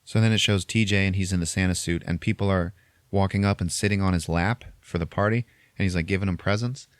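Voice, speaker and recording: A young man hosts a podcast and retells a movie in casual chat, animated, profane and laughing along. His voice sits on the low side. The sound is close and dry. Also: quick pace, dry recording. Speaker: podcast host.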